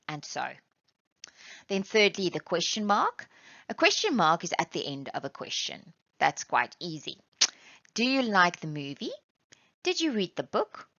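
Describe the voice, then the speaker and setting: A woman teacher from South Africa giving a lesson, patiently explaining step by step and reading examples aloud slowly. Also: sits low, sharp tone, dry recording. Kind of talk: classroom lesson. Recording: dull, lo-fi sound.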